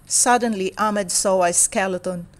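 A woman reading a children's storybook aloud in a steady, clear storytelling manner. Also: mid-range voice, a little slow. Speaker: storybook reader.

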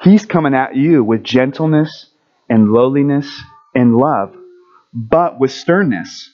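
A man giving a children's story at a church service, friendly and animated, asking the kids questions as he goes. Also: mid-range voice, slow, lo-fi sound.

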